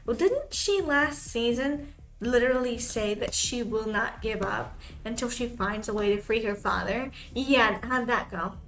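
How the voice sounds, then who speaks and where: A woman's voice: fairly high pitch, animated, unhurried, fairly bright tone. A woman streamer ranting on a live stream, exasperated and swearing freely.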